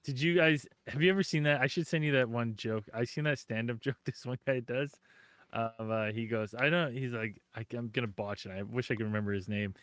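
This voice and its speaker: A man's voice: medium pitch, fairly quick, dry recording. A man co-hosting a casual podcast chat, telling stories with lots of laughing and swearing. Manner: animated storyteller, heavy swearing, laughs often. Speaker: podcast co-host.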